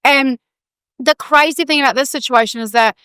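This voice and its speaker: A woman's voice: high voice, moderate pace, sharp tone, clean tone, no room sound. A woman, co-hosting a casual podcast and telling a moving family story with quoted dialogue. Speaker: podcast co-host.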